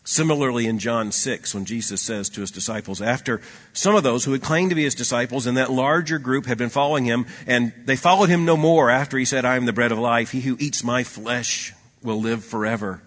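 A man preaching a sermon, swinging between loud emphatic lines and hushed low asides, with a husky voice. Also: a little fast, hardly any pauses. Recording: long hall reverb.

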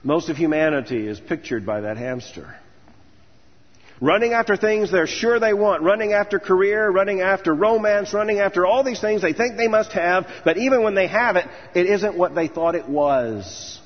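Male preacher, slightly high and husky, earnest sermon delivery, dull recording with long hall reverb. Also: expressive, moderate pace. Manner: earnest, storytelling, building to emphatic lists. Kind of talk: commencement sermon.

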